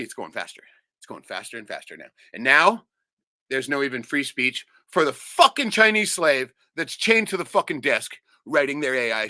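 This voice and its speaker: A man's voice: medium pitch, sharp tone, no room sound, studio quality. A man hosting a livestream, delivering an angry, profane rant and swearing constantly. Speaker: livestream host. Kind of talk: angry ranting monologue.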